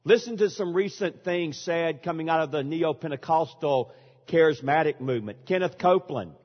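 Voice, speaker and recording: A man with a high voice delivers an emphatic sermon, leaning on dramatic pauses. His words ring out with a long reverb in a large church sanctuary. The recording sounds dull and muffled. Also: lively intonation. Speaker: pastor.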